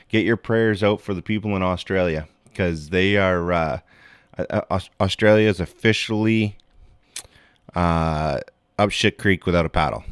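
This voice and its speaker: A man's voice: deep voice, clean tone, dry recording, studio quality. Rambling male livestream host. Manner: rambling, greets chatters by name. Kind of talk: casual livestream chat.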